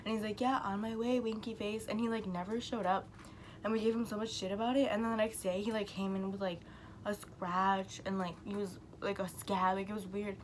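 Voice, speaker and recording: A young woman vlogger with a mid-range voice tells a long storytime tale a little fast, with a slight hiss or hum in the audio. She rambles casually, piles on filler words and swearing, and animatedly acts out what people said.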